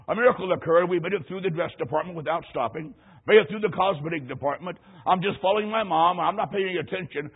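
A man's voice: sits high, husky. A man preaching a sermon, telling a folksy personal story with emphatic, rising lines. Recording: tinny phone-like radio broadcast.

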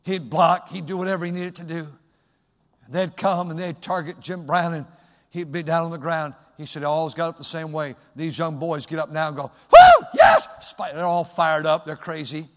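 A man preaching a fiery sermon as pastor, moving from hushed storytelling to shouted exhortation. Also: on the high side, steady tone, brisk, long reverb tail.

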